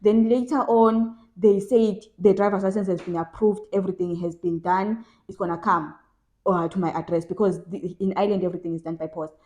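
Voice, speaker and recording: Emphatic woman vlogger, mellow voice. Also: mid-range voice, fairly even intonation, fairly quick. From South Africa. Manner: emphatic, repeats phrases for stress. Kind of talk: casual advice vlog.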